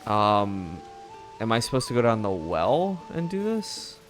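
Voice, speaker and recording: A man's voice: lowish voice, sing-song, unhurried, faint music behind. A man playing a video game and thinking aloud in casual commentary, often trailing off mid-sentence. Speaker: gamer streamer. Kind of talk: casual let's-play commentary.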